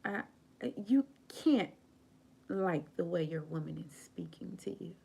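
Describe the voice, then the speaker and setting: Slow, gravelly-voiced woman giving advice. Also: lowish voice, lively intonation, dark tone. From United States. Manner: slow, earnest, preachy, quotes scripture. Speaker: channel host. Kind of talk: live-stream talk on feminine grace. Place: home, late at night.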